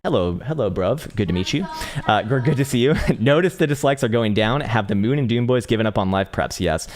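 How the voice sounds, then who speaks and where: A man's voice: lowish voice, expressive, brisk. A man hosting a live trading stream who gives casual market commentary in a rambling, profane, joking way.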